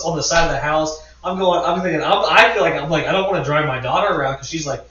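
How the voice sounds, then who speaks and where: A man in his thirties, slightly high-pitched for a man, sits back from the mic in a very echoey room. He tells a long story in a loose, rambling way, throwing in the odd curse word, and the sound is dull and lo-fi. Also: fast, hardly any pauses, recorded from a distance. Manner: animated, rambling storyteller who swears. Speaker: podcast co-host. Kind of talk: casual chat.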